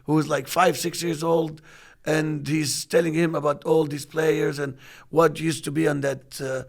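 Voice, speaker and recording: Brief: male co-host from egypt, gravelly, slightly high voice, animated storyteller who laughs a lot. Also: unhurried. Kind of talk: casual chat.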